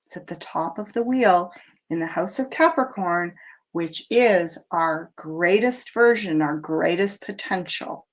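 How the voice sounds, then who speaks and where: A middle-aged woman runs a live tarot reading, her voice sitting slightly low. She chats along in a reflective, meandering way, filling gaps with easy fillers. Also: a little slow. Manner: chatty, reflective, lots of fillers. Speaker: tarot reader. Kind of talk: live tarot show monologue.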